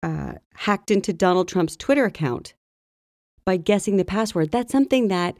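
A woman's voice: medium pitch, expressive, normal speed, a little mellow, no echo, studio quality. A woman co-hosting a casual podcast, talking in a chatty, gossipy way. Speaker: podcast co-host. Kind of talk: casual chat.

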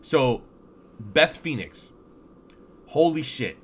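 A man co-hosting a podcast, chatting casually and excitably about wrestling, swearing now and then. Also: medium pitch, very slow, breathy edge. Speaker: podcast co-host.

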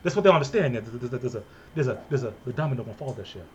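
A man's voice: medium pitch, expressive, very fast, a little mellow, muffled recording, a little hiss or hum, natural voice. A man putting on a crude, rowdy Louisiana-accented man ranting with lots of repetition.

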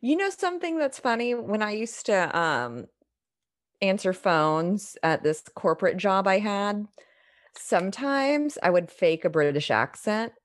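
A woman's voice: medium pitch, very animated, a little slow, no room sound, studio quality. A woman hosting a podcast, chatting casually and teasing her guest, laughing often. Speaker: podcast host.

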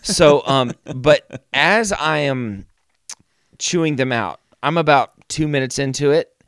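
A man co-hosting a podcast, telling a story in a casual, animated, self-mocking way. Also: a little high, slow, no room sound, studio quality. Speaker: podcast co-host.

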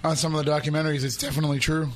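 A man hosting a radio talk show, giving short quick replies to a caller. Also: on the high side, flat delivery.

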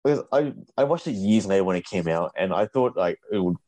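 A man talks as a guest film critic, halting and searching for words. His low, mellow voice still moves up and down expressively. The sound is close and dry. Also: lively intonation, no echo. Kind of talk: casual film chat.

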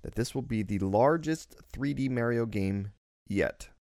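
A young man co-hosting a casual podcast, reading news items aloud with fillers and quick self-corrections. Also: medium pitch, a little mellow, a little hiss or hum. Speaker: podcast co-host. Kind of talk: casual chat.

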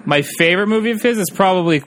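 A man's voice: high-pitched, expressive, fast talker, a bit bright, a little hiss or hum. A man co-hosting a podcast in casual chat, rambling and hesitant as he recalls things. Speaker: podcast co-host.

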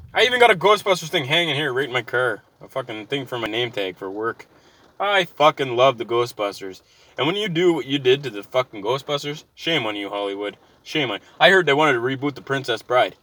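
Guy in his 30s ranting from his car, swearing nonstop, sharp bright voice. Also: mid-range voice. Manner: swears constantly, heated and animated. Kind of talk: profane ranting monologue. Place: inside a car.

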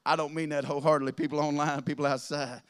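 A man's voice: on the high side, flat delivery, fast talker, clean tone. A man preaching a sermon, telling folksy stories that rise into fervent preaching.

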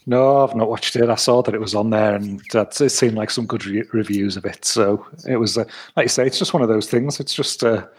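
Husky British man chatting loosely. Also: lowish voice, a little fast, hardly any pauses. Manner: meandering, sweary, filler-heavy chat. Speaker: podcast co-host. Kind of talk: casual chat.

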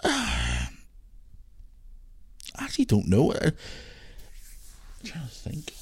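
A man's voice: on the high side, wildly swooping pitch, takes it slowly, creaky, long pauses, darkish tone, breathy edge. A man with a Northern Irish Belfast accent hosting a podcast and chatting casually, rambling with lots of restarts and the odd swear. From Northern Ireland. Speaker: podcast host. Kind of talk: casual solo podcast chat.

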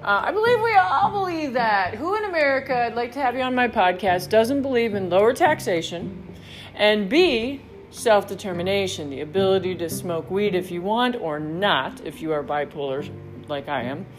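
Brief: woman podcast host, rambling and excitable, salty language, faint music behind. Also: mid-range voice, moderate pace. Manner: rambling, excitable, swears freely. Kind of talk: casual monologue.

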